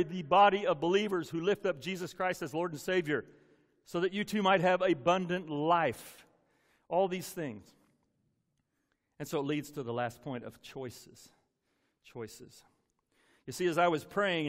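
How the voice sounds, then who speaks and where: A man with a slightly high voice preaches a sermon in a folksy, conversational way. He often repeats words and restarts his sentences. His voice carries a long reverb from a church sanctuary. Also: normal speed. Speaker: senior pastor.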